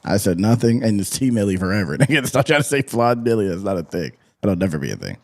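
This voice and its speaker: A man's voice: fairly low pitch, sing-song. A man co-hosting a casual podcast, teasing his friends and laughing often. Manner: laughing, teasing, quick comebacks. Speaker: podcast co-host. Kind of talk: casual group banter.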